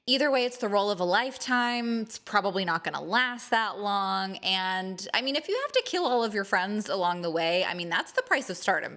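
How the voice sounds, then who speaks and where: A woman's voice: mid-range voice, fairly bright tone. A woman hosting an astrology video, teasing the signs in a chatty, mock-dramatic monologue. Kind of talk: casual playful monologue to camera.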